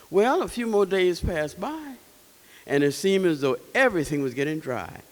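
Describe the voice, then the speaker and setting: A man telling a folktale to a live audience in an animated way, asking them questions as he goes. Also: high voice, moderate pace, long reverb tail. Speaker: storyteller. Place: event hall.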